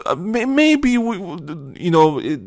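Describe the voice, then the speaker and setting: A man putting on an earnest superhero, pitched up above his own plain voice and spoken more loudly. The quote comes out halting and hesitant, with stops and restarts. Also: very animated, dry recording, studio quality, full character voice. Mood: mock earnest. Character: earnest male superhero mouthing odd politics.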